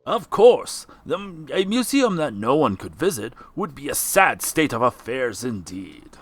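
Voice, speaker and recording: A man's voice: mid-range voice, big pitch swings, measured pace, breathy edge, no echo. A man doing a pompous stuffy museum crab. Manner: pompous, says "I say". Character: pompous old-fashioned male museum crab.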